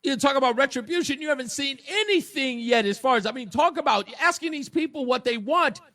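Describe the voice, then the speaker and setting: A male talk radio host with a high, lively voice that leaps around in pitch. He mocks and taunts his opponents, rising to shouts and dropping to low jeers. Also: fairly quick. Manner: mocking, combative, swings between shouting and low taunts. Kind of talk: opinionated political talk radio monologue.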